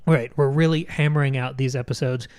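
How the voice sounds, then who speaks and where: A man's voice: medium pitch, steady tone, brisk, a little mellow, clean tone, no echo. A young man co-hosting a podcast, giving friendly upbeat announcements in casual talk. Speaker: podcast co-host.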